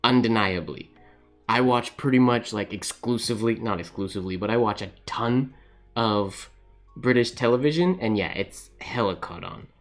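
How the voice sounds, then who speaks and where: Over soft background music, a man from Canada writes calligraphy on a livestream, talking casually and thinking out loud as he goes. His pitch is fairly low and his pace normal, and he often laughs and replies to viewers.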